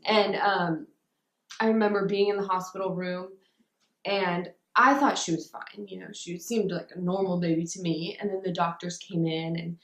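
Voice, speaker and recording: Young woman w/ a lowish voice, rambling casual story, lots of fillers, echoey room. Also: steady tone, normal speed. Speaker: interviewee. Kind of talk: personal recovery testimony. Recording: roomy echo.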